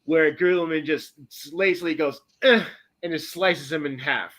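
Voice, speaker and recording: A man hosting a podcast, casually retelling a story in a rambling way, correcting himself often and breaking into bursts of excitement. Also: fairly high pitch, moderate pace. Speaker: podcast host.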